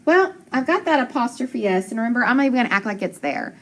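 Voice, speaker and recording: A woman teaching a phonics lesson, slowly sounding out words and praising often. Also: on the high side, expressive, slight background noise. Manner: encouraging, slow sounding-out of words.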